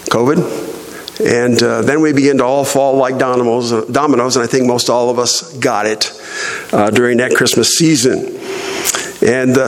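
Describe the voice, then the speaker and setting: Middle-aged pastor preaching slow, punches key words, reverby church hall sound. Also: male voice, medium pitch, slight background noise. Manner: slow, emphatic preaching with rising stresses. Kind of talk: sermon.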